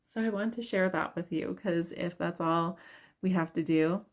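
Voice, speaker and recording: A woman's voice: lowish voice, normal speed. A young woman and mother chatting candidly in a vlog, laughing often and using lots of fillers. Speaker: yoga vlogger and mother. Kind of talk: casual confessional vlog talk.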